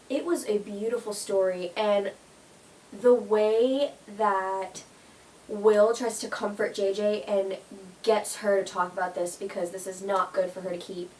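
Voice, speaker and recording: A woman's voice: medium pitch, distant mic, rough recording. A woman vlogger chatting casually and emotionally, gushing with many fillers like "like" and "oh my goodness". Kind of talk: casual chat.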